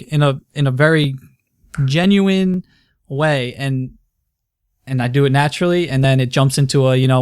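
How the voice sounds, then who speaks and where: A young man hosting a casual podcast interview, eager and quick to agree and laugh along with his guest. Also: medium pitch, darkish tone, clean tone, dry recording, studio quality. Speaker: podcast host.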